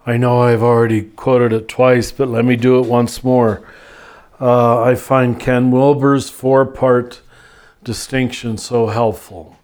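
Slow, soft-spoken man teaching. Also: medium pitch, little pitch movement, smooth. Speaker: spiritual teacher. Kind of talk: reflective conversation.

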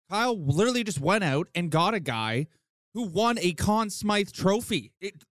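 Smooth-voiced man pressing his point. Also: high-pitched, dry recording, clean studio sound. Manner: emphatic, repeats himself for stress. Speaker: podcast co-host. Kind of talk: casual sports chat.

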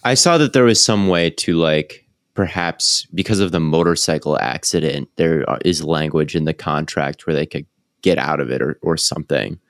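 A man's voice: extremely low pitch, moderate pace, no room sound, studio quality. A man co-hosting a sports podcast, chatting in a wry, questioning, joking way. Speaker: podcast co-host. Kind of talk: casual sports chat.

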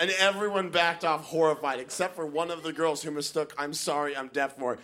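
A man telling a comic story on stage, animated and acting out the people he meets. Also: a little high, a little fast, hardly any pauses. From United States. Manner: animated, acts out the people in his story with big voices. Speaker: stand-up comedian.

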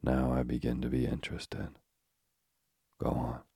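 A man voicing a curious, slow-witted old clock in a storybook, with measured replies. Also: a bass voice, completely flat delivery, creaky, mellow, slightly rough, no echo, studio quality, full character voice.

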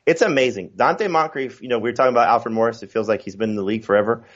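A man's voice: mid-range voice, racing, highs cut off. A man talking fantasy football as a podcast guest, chatty and full of fillers and restarts. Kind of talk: casual podcast chat.

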